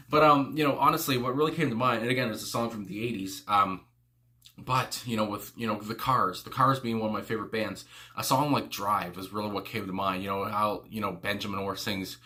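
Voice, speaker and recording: A man's voice: lowish voice, fairly even intonation, a little fast, bright, forceful tone. A man hosting a music reaction video, rambling casually with lots of "you know" fillers and frequent exclamations. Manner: exclaims "my God" often.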